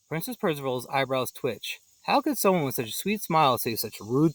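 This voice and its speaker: A man reading a children's picture book aloud, animated and pausing for his own asides. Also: medium pitch, no echo, rough recording. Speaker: storyteller.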